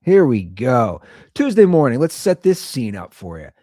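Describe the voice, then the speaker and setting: A man in his thirties tells a rambling, exasperated story as a show host. His pitch swoops up and down as he talks. The sound is dry and close. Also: very animated, moderate pace, dark tone, dry recording. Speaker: podcast host; father of two young girls. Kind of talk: casual storytelling monologue.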